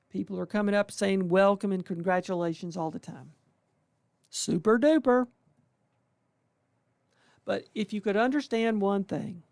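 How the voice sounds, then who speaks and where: Gravelly and mid-range, the voice of a residency faculty member welcomes new interns with no echo. The talk is folksy and conversational, sprinkled with colloquial exclamations, and it periodically dramatizes the residents' inner thoughts.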